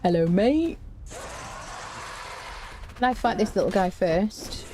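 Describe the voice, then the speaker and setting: A woman's voice: medium pitch, expressive, takes it slowly, background noise. A woman giving casual, wry commentary while playing a game and chatting to her cat. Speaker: gaming streamer.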